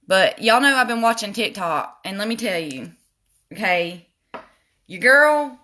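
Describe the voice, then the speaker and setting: A chatty woman talks her viewers through a makeup look on a casual livestream. Her voice is bright and forward, and she keeps drifting into laughing side stories before coming back to her palette. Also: mid-range voice, animated, measured pace. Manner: chatty, goes off on laughing tangents; talks straight to viewers, addressing them as y'all. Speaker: makeup vlogger.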